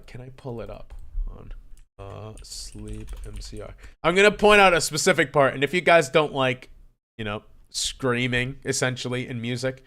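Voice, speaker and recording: A man streaming live, talking casually about an album he loves, excitable and swearing often, swinging between hushed and loud. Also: medium pitch. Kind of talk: casual livestream music commentary.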